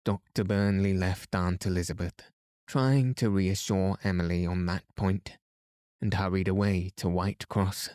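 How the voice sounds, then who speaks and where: A man calmly reading a classic novel aloud as a bedtime story for a sleep podcast, soothing and unhurried. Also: deep voice, no echo, studio quality. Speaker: podcast narrator.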